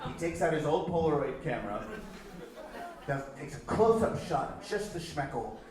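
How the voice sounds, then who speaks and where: A man performs a chatty, self-deprecating stand-up set on a club stage. His voice sits a little high. The sound is roomy and distant, with a laughing crowd and some noise behind him. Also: lively intonation, moderate pace. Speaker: stand-up comedian. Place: comedy club. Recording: echoey club from far off with crowd.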